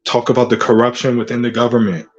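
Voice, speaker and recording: A man's voice: mid-range voice, flat delivery, fast talker, muffled recording. A man hosting his own channel, delivering an aggressive, profane rant full of taunting insults. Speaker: channel host. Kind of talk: ranting vlog monologue.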